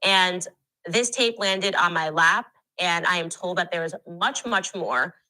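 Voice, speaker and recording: A woman's voice: lowish voice, measured pace, bright, forceful tone, rough recording. A woman commentator in a played clip, delivering pointed, accusing remarks.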